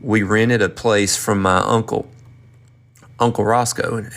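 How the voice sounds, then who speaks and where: A man in his thirties from North Carolina with a Southern accent, excitedly telling a rambling story. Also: on the low side, unhurried. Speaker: performer and vlogger. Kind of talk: casual storytelling recap.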